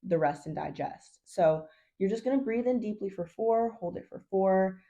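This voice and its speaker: A woman's voice: mid-range voice, expressive, moderate pace, mellow. A woman health coach giving blunt, chatty advice in a casual vlog, swearing freely and saying "like" all the time. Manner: blunt, chatty, swears, says 'like' constantly.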